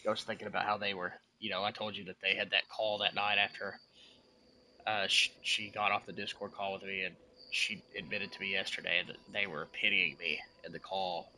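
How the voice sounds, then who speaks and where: A young man with a fairly low but strikingly sharp, bright voice chats casually while streaming a game. He rambles through his story with lots of swearing and emphasis. Faint noise hangs behind him.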